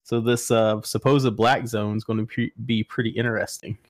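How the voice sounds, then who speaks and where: Relaxed man sharing gaming news. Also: fairly low pitch, normal speed, no echo, clean studio sound. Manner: relaxed, wry, reads out news items. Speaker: podcast co-host presenting news. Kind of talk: casual gaming news chat.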